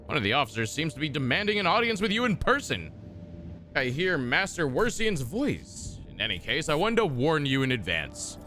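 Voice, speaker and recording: A man's voice: a little high, very animated, normal speed, sharp tone, soft background music. A man streaming a game, reading its text aloud and joking with chat in a casual, profane, mock-exasperated way from his desk.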